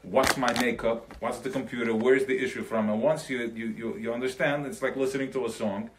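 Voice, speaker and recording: This man speaks fairly quickly in a mid-range voice with fairly even intonation, over background noise. Teaching a small group in a live recorded Chassidic class, he keeps things conversational, drops in Yiddish terms, checks that people follow, and acts out everyday scenes in his own voices.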